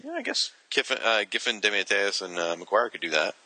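A man with a low-set but lively voice reads listener mail on a podcast, chuckling between letters. His tone is bright and crisp, and the recording is close and dry, with no room around it. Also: brisk, no echo, poor audio. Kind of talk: casual podcast chat.

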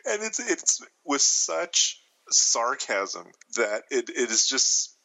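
Brief: male co-host, bright sharp tone, middle pitch, easy conversational retelling. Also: sing-song, takes it slowly, creaky, poor audio. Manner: laughs often, retells scenes eagerly. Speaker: podcast co-host. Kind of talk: casual film discussion.

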